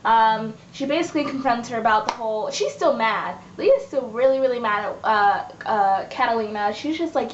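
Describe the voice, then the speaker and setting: A woman's voice: on the high side, lively intonation, moderate pace, hardly any pauses. A young woman recapping her web series in a casual, chatty vlog, acting out the characters' lines as she goes. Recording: echoey room, dull lo-fi sound, faint hiss.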